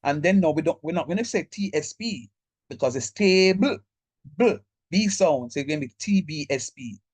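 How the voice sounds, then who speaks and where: A male lecturer with a Jamaican accent runs an online math class over video, keeping it direct and chatty and shifting into local speech now and then. His voice leans high, expressive, a little mellow and slightly rough, at normal speed, in a dry recording.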